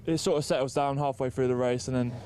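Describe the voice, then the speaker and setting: A man who is a racing driver, calm and measured in a pit lane interview. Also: mid-range voice, smooth.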